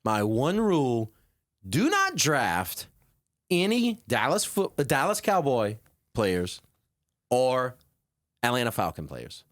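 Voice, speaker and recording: A man's voice: medium pitch, slow pace, pauses often, dry recording, studio quality. A man hosting a podcast, chatting casually and acting out his friends' voices as he tells stories. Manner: animated storyteller, acts out friends' voices. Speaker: podcast host, DJ. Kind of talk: casual chat.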